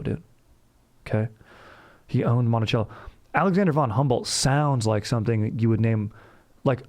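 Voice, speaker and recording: A man's voice: fairly low pitch, darkish tone. Hyped guy saying dude. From Orange County, California. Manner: hyped, slangy, says dude constantly, swears casually. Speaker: podcast host. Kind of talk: casual storytelling podcast.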